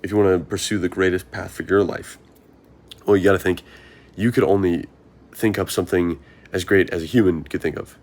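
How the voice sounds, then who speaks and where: A man's voice: sits low, steady tone, fairly quick. A young man, a marathon runner, talking through his thoughts in an earnest, rambling vlog monologue, often asking himself questions.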